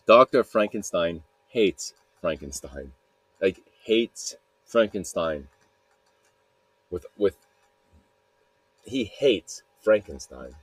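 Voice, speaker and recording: A man's voice: low-pitched, animated, slow, long pauses, husky, no room sound. A man hosting a podcast, retelling a story in a loose, rambling way, full of restarts and fillers. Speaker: podcast host.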